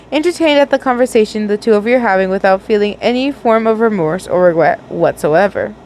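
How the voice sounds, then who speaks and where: A woman's voice: medium pitch, a little hiss or hum, low-quality recording. A young woman reading fanfiction aloud casually, giggling and correcting her own slips. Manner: giggly, stumbles and corrects herself. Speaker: fanfiction reader.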